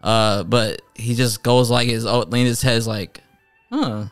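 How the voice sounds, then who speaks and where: A man hosting a casual episode review, retelling what happens on screen in a loose, rambling way full of fillers and restarts. His voice sits at an ordinary middle pitch. The sound is close and dry, with a faint bed of music underneath. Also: steady tone, normal speed, clear, resonant tone, no room sound. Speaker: anime reviewer, channel host.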